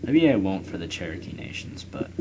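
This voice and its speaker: Low-voiced young man narrating gameplay, noisy recording. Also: big pitch swings, brisk. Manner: rambling, swears at rival nations, reads game text aloud. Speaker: let's player. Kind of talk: casual gameplay commentary.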